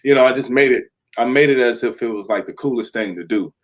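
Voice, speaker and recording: A man's voice: mid-range voice, quick pace. A man in his thirties, an interview guest and former pro football player, telling his story candidly and acting out the voices in it. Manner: animated storyteller who acts out quoted voices and laughs.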